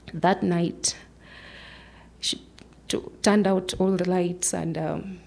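A woman's voice: lowish voice, a little mellow, breathy edge. A woman in her thirties, a human rights lawyer, telling an earnest personal story and dropping to near-whispers at tense moments.

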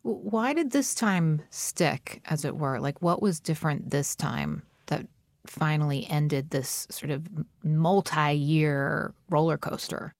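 A woman's voice: low-pitched, slow pace, no echo, studio quality. A woman interviewer asking curious, probing questions.

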